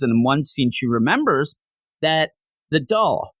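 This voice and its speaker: Animated male comic podcast host. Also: mid-range voice, measured pace, no room sound. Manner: animated, openly sentimental storytelling. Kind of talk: casual comic recap.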